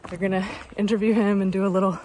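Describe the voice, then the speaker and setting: A woman's voice: medium pitch, little pitch movement, fast, warm tone, slight background noise. A young woman from Canada chatting upbeat to her camera outdoors on a hiking trail, telling a story with lots of fillers. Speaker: hiker vlogger. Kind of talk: casual chat to camera.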